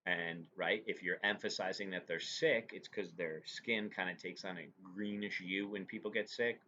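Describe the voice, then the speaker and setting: This lecturer speaks at a normal pace with a low pitch, fairly even intonation, and a sharp tone. He explains terms step by step in a recorded class, often asking "right?", and the lo-fi audio sounds dull with faint noise.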